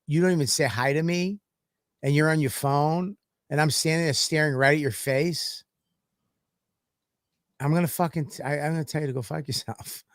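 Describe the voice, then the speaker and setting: A man's voice: a little high, moderate pace, long pauses, dry recording, studio quality. A man, a comedian and podcast host, telling stories in a profane, ranting way in casual chat.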